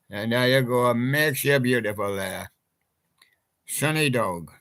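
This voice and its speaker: Man, unhurried whimsical host, chuckles between lines. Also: mid-range voice, animated, fairly bright tone. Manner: slow, chuckling, whimsical patter. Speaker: home radio show host. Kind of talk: playful toy-character radio show.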